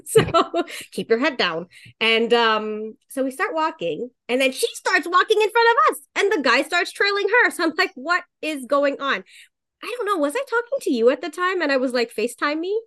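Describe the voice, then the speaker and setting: A woman's voice: high voice, sing-song, fairly quick, pushed and bright. A woman hosting a casual podcast as a dog trainer, telling stories in a chatty way with lots of fillers. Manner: chatty storytelling with many fillers and laughs.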